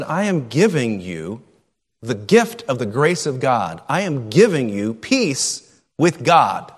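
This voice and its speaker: A middle-aged male pastor preaching a sermon, repeating key phrases for emphasis. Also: mid-range voice. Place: church sanctuary. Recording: long reverb of a church hall.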